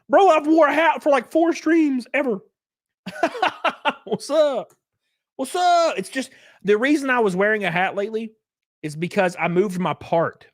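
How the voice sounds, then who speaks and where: Streamer, man, 30s: high, swooping voice, dry close sound, profane sarcastic rants. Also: no echo. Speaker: live streamer. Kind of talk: casual rant to stream chat.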